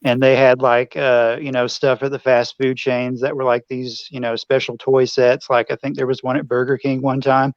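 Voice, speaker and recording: An easygoing man talks through memories on a podcast, filling pauses with "uh" and "you know". His audio is slightly dull and lo-fi. It is dry, with no room echo. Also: mid-range voice, little pitch movement. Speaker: podcast host. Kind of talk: casual chat.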